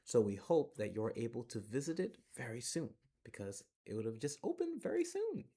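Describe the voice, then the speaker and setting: A man reading a bedtime picture book aloud to children in a gentle, playful storyteller voice, recorded on a phone in a closed library. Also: medium pitch, huge pitch swings, moderate pace, slightly rough.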